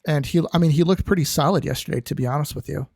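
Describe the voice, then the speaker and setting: A man with a slightly raised pitch guides a casual hockey chat and laughs easily. The recording is close and dry. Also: rapid-fire, vocal fry, darkish tone, dry recording.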